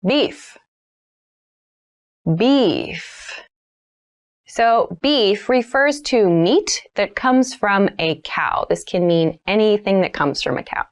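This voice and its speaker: A woman's voice: medium pitch, a little slow, hardly any pauses. A woman teaching English vocabulary, repeating each word and example sentence three times and explaining them in simple, patient terms. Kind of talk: vocabulary lesson, repeating words slowly.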